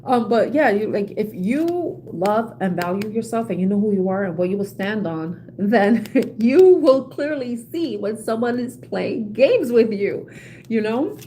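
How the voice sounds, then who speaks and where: A woman's voice: mid-range voice, expressive, unhurried, mellow, slight background noise. A woman giving a casual tarot reading to her viewers, chatty and laughing often, with many "you know"s. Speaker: tarot reader.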